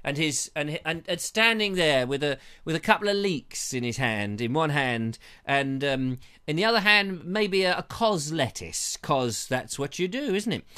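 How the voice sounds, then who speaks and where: A man's voice: on the high side, animated, moderate pace, hardly any pauses, pushed and bright, smooth. Playful English man hosting a live stream. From Britain. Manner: playful, jokey, slips into silly voices. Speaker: host. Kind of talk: live-stream chat show. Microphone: lapel mic.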